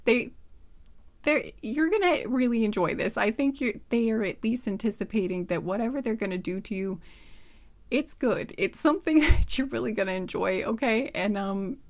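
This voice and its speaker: A woman's voice: a little high, normal speed. Giggly, flustered woman reading tarot. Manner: giggly, flustered, rambling with many restarts. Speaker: tarot reader. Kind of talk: casual pick-a-card tarot reading. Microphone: close microphone.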